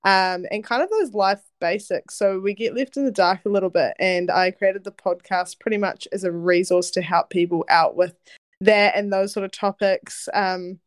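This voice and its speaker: A woman's voice: mid-range voice, normal speed. A young woman from New Zealand with a New Zealand accent, a friendly podcast guest who laughs easily. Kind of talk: casual chat.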